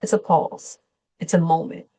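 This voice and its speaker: A woman therapist hosting a gentle wellness talk, speaking slowly and soothingly, unscripted, with small self-corrections along the way. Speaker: therapist and channel host.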